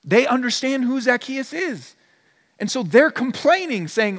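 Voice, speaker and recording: A pastor preaches in a casual, conversational way, slipping into quick imagined exchanges to make a point. His voice sits fairly high for a man. The sound carries a long reverb from the church hall. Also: sing-song, fairly bright tone. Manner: conversational preaching, acts out little dialogues. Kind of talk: sermon. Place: church sanctuary.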